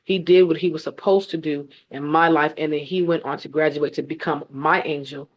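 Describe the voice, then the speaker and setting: A woman hosting an online event, telling her own story with deep feeling and close to tears, speaking straight to her audience over a video call. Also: fairly even intonation, brisk, highs cut off. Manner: tearful, heartfelt, speaks directly to the audience. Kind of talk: emotional testimony on a video call.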